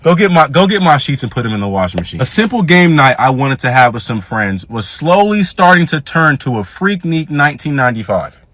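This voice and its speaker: A man telling a profane, animated party story in casual slang, quoting people in his own voice. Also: medium pitch, brisk, hardly any pauses, no room sound. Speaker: storyteller guest.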